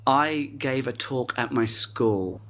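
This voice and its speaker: A man's voice: medium pitch, slow, a bit bright. Laughing, self-deprecating man from the UK. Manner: chatty, laughs through his stories, self-deprecating. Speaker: actor guest. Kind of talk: casual interview chat.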